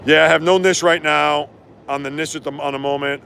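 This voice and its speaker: Animated gravelly man ranting on a stream. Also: a little high, fairly quick, a little hiss or hum. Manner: animated, rants and reads chat comments. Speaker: sports livestream host. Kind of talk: casual livestream chat while walking.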